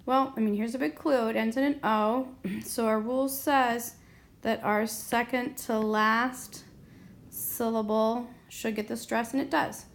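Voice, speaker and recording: Woman, teacher. Patient step-by-step whiteboard grammar lesson, slow delivery, voice sitting a little high. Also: steady tone. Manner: patient, explains step by step, often asks "okay?". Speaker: Spanish teacher.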